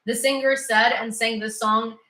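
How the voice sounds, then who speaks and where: A woman's voice: on the high side, steady tone, normal speed, pushed and bright. Opinionated woman news host, echoey room. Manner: opinionated, sarcastic, laughs often. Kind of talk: casual live news commentary.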